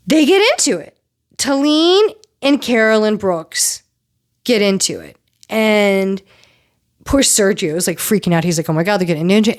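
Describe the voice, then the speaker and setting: A woman hosting a podcast, chatting casually and gossipily with many fillers and restarts. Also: on the high side. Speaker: podcast host. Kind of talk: casual recap chat.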